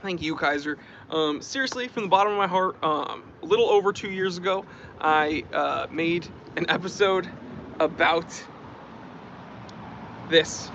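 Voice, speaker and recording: A man's voice: fairly high pitch, measured pace, fairly bright tone, slight background noise. A man hosting a casual live stream, chatting and reading out and thanking viewer comments. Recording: dull lo-fi stream audio.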